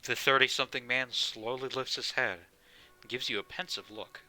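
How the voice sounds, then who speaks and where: A man's voice: medium pitch, steady tone, normal speed, bright, forceful tone, no echo, soft background music, rough recording. A man casually playing a game live, amused, reading text aloud. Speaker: streamer.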